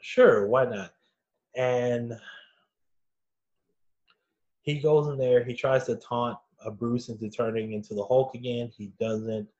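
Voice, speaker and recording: A man co-hosting a casual movie review chat, relaxed and a little hesitant. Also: mid-range voice, measured pace, lo-fi sound. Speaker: podcast co-host.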